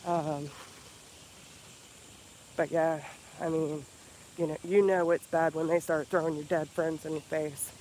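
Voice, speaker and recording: A man giving an earnest, profane motivational talk in a casual vlog, slowing down and repeating himself for emphasis. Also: fairly high pitch, level tone, a little mellow, a little hiss or hum, rough recording. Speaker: spiritual healer vlogger.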